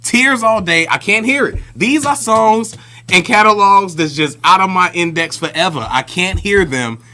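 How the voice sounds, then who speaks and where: Lively intonation marks this man's high voice, which has a sharp tone and a moderate pace. He's co-hosting a podcast, telling stories in slangy, relaxed conversation.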